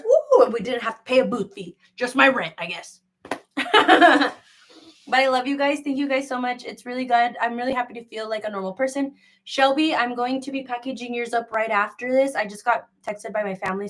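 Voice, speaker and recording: Young woman, live-stream host, frank and rambling, a bit high-pitched. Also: a bit bright. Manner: rambling, filler-heavy, with many likes; gossipy and frank. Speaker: crochet seller hosting a live sale. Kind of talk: casual live-stream chat.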